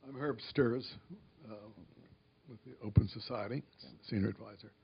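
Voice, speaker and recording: Halting man questioning a panel. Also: vocal fry, breathy edge. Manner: halting, measured, many restarts. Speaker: audience questioner, senior advisor. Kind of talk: public discussion. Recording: dull lo-fi recording with faint rumble.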